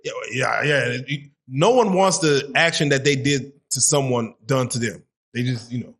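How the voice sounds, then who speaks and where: A man's voice: mid-range voice, normal speed, fairly bright tone. A man hosting a podcast, asking his guest brief, probing follow-up questions. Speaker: podcast host. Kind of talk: interview questions.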